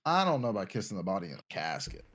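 A young man with a fairly low voice talks casually on a podcast. He rambles and thinks out loud, restarting his sentences as he goes. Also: huge pitch swings, racing. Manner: rambling, many ums and restarts, thinking aloud. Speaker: podcast co-host. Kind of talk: casual chat.

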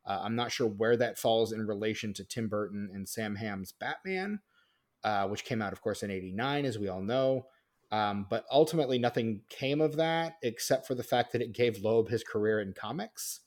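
A film podcast host with a lowish voice talks at normal speed in casual conversation. Reading from notes, he rambles through a production history, full of fillers and restarts.

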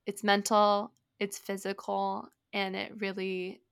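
A woman co-hosting a podcast, telling stories in a casual, animated way with many filler words. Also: medium pitch, takes it slowly, creaky, clear, resonant tone. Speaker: podcast co-host. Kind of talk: casual conversation.

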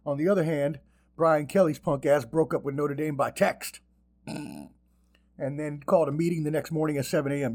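A man hosting a podcast in casual sports chat, animated and profane, with mocking asides. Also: on the high side, moderate pace. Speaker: podcast host.

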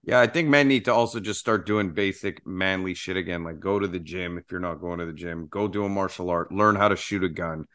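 A man talking in a relaxed, matter-of-fact way in a casual podcast conversation over a video call. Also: low voice, brisk, few pauses. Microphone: remote video call.

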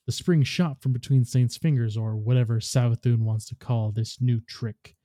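Very dark-voiced male story reader. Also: mid-range voice, steady tone, moderate pace, no echo, clean studio sound. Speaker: podcast host. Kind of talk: reading a story aloud.

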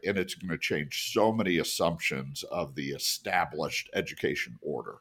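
Deep-voiced man co-hosting a podcast. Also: a bit bright. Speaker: podcast co-host. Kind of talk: casual podcast discussion.

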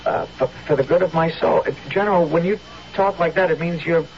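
An actor playing a nervous, stammering young colonial soldier in a 1970s radio drama, from a dull old broadcast recording. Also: male voice, fairly high pitch, fairly quick, a little mellow, slight background noise, natural voice. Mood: pleading.

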